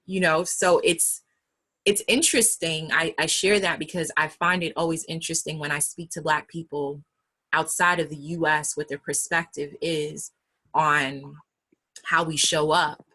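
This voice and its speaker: A woman's voice: sits low, steady tone, a little slow, pushed and bright, husky. A woman with a New York accent speaking frankly and emphatically in a casual talk about public speaking. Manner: candid and emphatic.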